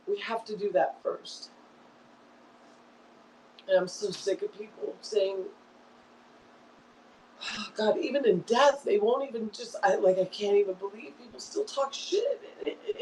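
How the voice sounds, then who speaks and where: A woman's voice: mid-range voice, darkish tone, roomy sound, far from the mic, slight background noise, low-quality recording. A woman in her fifties hosting a livestream, ranting angrily and repeating herself, swearing often. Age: 50s. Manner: angry, repetitive, swearing. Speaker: online show host. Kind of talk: emotional livestream rant.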